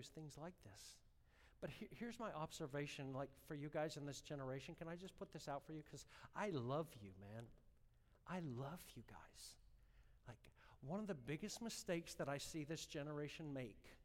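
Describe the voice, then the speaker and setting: A man preaching a sermon, telling a personal story with strong emotion and building to fervent, loud exhortation. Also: fairly high pitch, long reverb tail. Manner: emotional storytelling, rising to impassioned shouting.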